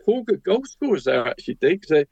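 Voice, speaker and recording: A man's voice: a little high, big pitch swings, fairly quick, darkish tone, breathy edge, dry recording. A man co-hosting a local football show, chatting through weekend results and calling his co-host "mate" at every turn. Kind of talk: casual results round-up. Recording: dry, dull lo-fi sound.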